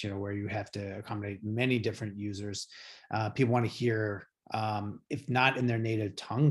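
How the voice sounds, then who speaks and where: Hesitant man presenting on a video call. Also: lowish voice. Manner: hesitant, many fillers and restarts. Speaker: guest presenter. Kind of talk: conference talk.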